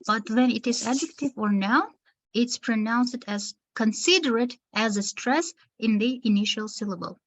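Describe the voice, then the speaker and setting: A woman teacher trainer giving an online lesson to teachers, speaking slowly and deliberately, pausing between words to show where the stress falls. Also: a little high.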